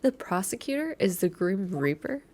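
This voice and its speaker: A woman's voice: mid-range voice, big pitch swings, moderate pace, darkish tone. A woman voicing an earnest, nervous young male law student, polite and flustered, in a game playthrough. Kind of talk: video game voice-over playthrough.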